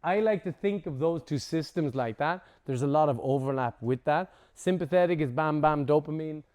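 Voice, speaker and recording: A man leads a breathwork class in a casual, animated way, cursing lightly and acting out little examples. His voice sits a touch high for a man. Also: moderate pace. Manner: lively, casual, swears and acts out examples. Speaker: breathwork instructor. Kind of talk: teaching a workshop.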